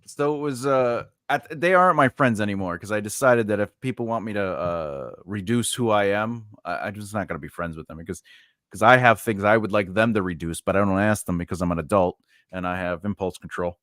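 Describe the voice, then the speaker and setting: A man's voice: lowish voice, fairly quick, dry recording, studio quality. A man chatting on a live stream, telling a self-mocking story and acting out the people in it. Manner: animated, self-mocking, acts out quoted people. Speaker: regular co-host. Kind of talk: casual storytelling chat.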